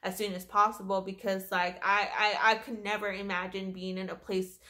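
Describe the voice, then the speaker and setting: A woman voicing a calm, polite young male client who speaks softly and formally. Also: mid-range voice, moderate pace, voice pushed down, lightly acted. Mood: sympathetic. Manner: soft-spoken, formal.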